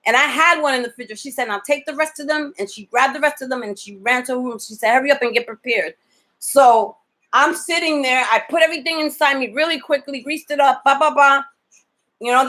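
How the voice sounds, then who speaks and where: Woman vlogging, fairly high voice, animated, swears a lot, acts out who said what. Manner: animated, acts out quoted dialogue, swears freely. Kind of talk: casual storytelling.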